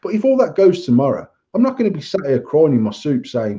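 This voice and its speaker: A man's voice: on the high side, huge pitch swings, fast, warm tone. A man co-hosting a podcast, ranting bluntly in casual chat and swearing a lot. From England. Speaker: podcast co-host. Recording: dull lo-fi sound.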